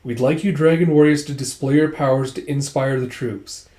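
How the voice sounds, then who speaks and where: A man's voice: medium pitch, fairly even intonation, normal speed, mellow, natural voice. A man reading the lines of a stern military officer from a manga, in an echoey room. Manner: read plainly from a manga page.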